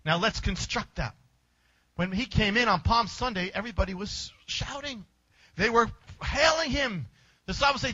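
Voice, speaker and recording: High, bright-voiced man preaching dramatically. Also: normal speed, slightly rough, dry recording, dull audio. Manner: vivid, emphatic retelling in short punchy phrases. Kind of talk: dramatic sermon storytelling.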